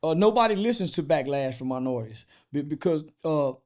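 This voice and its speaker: Blunt, crude man with a higher voice. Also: animated, fairly quick, a little mellow. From United States. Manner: blunt, crude and unfiltered, with many fillers and restarts. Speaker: interview guest. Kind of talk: casual interview talk.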